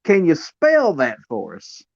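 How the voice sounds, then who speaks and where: A man's voice: on the high side, wildly swooping pitch, slow, darkish tone, no echo, dull audio. A man hosting a casual interview, trading dry playful banter with his guest. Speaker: host.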